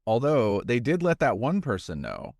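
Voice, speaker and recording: A man co-hosting a podcast, chatting casually with playful, quick interjections. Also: medium pitch, huge pitch swings, a little mellow, dry recording, studio quality. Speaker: podcast co-host. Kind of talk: casual chat.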